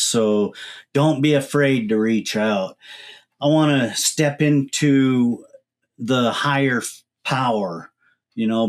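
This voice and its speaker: A man hosting a podcast interview, asking questions in a measured, reflective way. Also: medium pitch. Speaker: podcast host. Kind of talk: conversational interview.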